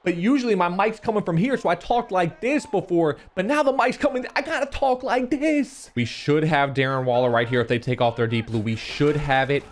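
A young man giving live commentary on his own football video game, animated and chatty with viewers. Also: high-pitched, fairly quick, few pauses, a little hiss or hum. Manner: excitable, shouts and laughs at big plays, talks to viewers; animated, talks with his hands.

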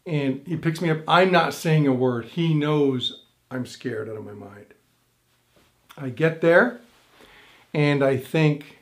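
A middle-aged man, a stage hypnotist and teacher, telling a story in an animated way with quoted thoughts. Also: takes it slowly, long pauses. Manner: animated storytelling with big pitch swings and quoted inner thoughts. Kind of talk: storytelling to camera.

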